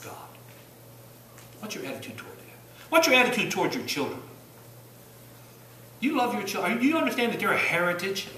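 A pastor preaches in a church, firing off one rhetorical question after another in a bright, somewhat high, sing-song voice that's a little fast and broken by long pauses. He swings from loud bursts down to quiet, low asides. He's recorded from a distance in a roomy, echoing sanctuary with faint hiss.

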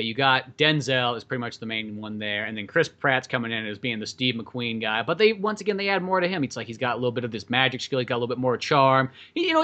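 A man's voice: medium pitch, pushed and bright. A man co-hosting a movie podcast, talking casually in a rambling, profane way with many fillers. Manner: rambling, profane, lots of fillers, acts out quoted lines. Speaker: podcast co-host. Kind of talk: casual movie review chat.

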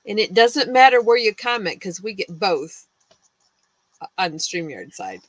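A woman's voice: mid-range voice, sing-song, unhurried, no echo, rough recording. A woman hosting a livestream, chatting casually and laughing easily. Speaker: livestream host. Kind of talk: casual chat.

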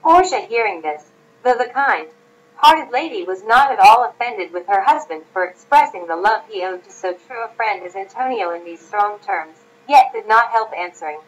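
A woman's voice: mid-range voice, lively intonation, moderate pace, slight background noise, rough recording. Woman narrating a classic story. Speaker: audiobook narrator.

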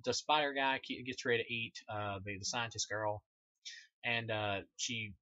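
A man's voice: mid-range voice, steady tone, normal speed, bright, forceful tone, no echo. A man giving a casual, rambling movie review, swearing freely and laughing at his own remarks, on a dull lo-fi recording. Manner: rambling, profane, laughs often. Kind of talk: casual spoken film review.

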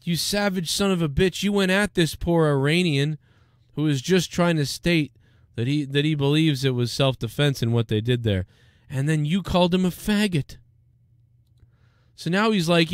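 Fired-up man ranting, higher voice. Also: moderate pace, clear, resonant tone, dry recording, clean studio sound. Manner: swearing, heated, mocking. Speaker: live show host. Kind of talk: profane live-stream rant.

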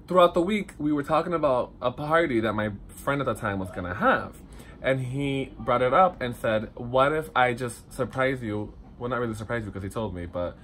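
A young man telling a personal story to his phone camera in a lively, dramatic, chatty way, swinging up high for the funny parts. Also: slight background noise. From Dominican heritage. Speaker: vlogger. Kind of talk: casual storytelling vlog.

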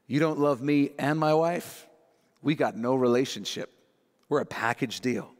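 A man preaching a sermon as pastor, animated and acting out quotes in little voices. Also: mid-range voice, measured pace. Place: church sanctuary. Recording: long reverb of a church hall.

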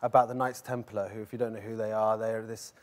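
A man's voice: on the low side, little pitch movement, fast talker. A man with a Welsh accent, a guest on a talk show, chatting casually, laughing easily and often restarting his words. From Wales. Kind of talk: casual chat.

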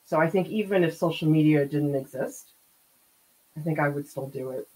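A woman's voice: deep voice, moderate pace, darkish tone, slightly rough, low-quality recording. A woman art teacher chatting casually as she paints during a live demo, laughing often and reading out viewer comments. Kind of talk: casual livestream chat while painting.

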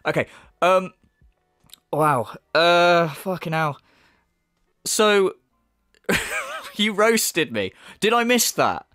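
A man rants with open mockery, swearing freely as he picks apart someone else's words. His voice sits fairly high and leaps around a lot. The recording is dry and close. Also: lively intonation, extremely slow, long pauses, fairly bright tone, no echo. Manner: profane, mocking, sarcastic rant. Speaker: YouTube commentator. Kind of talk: angry reaction commentary.

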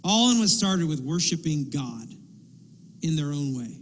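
Male pastor, high voice, animated sermon delivery, long church-hall reverb. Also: a little slow, slight background noise. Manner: animated, acts out quotes and asides. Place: church sanctuary.

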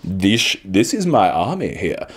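A brooding, aging supervillain speaks in a deep, grandiose rumble, as a man does the voice. Every word comes out slow and solemn, with dramatic weight. His tone is theatrical and menacing. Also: big pitch swings, breathy edge, heavily acted.

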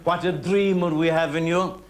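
A tart, sharp-tongued Irish country wife laying into her dreamer of a husband, as a male storyteller puts her on. She speaks slowly and sourly, close to the teller's own voice. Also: fairly high pitch, steady tone, lightly acted. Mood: scolding. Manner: scolding, tart.

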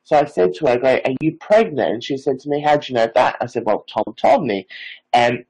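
Husky young guy rambling about his psychic stuff in a chat, lots of filler. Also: mid-range voice, brisk, a little mellow, poor audio. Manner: rambling, peppered with filler phrases. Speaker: psychic medium and Reiki master guest. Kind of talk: casual storytelling interview.

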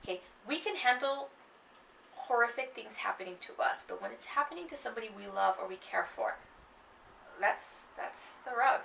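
Gravelly woman lecturing in an echoey room. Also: on the high side, lively intonation, normal speed, fairly bright tone. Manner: conversational, with frequent "okay" and asides to the class. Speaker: literature lecturer. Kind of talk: classroom lecture, reading aloud. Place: classroom. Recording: echoey classroom from far off, faint noise.

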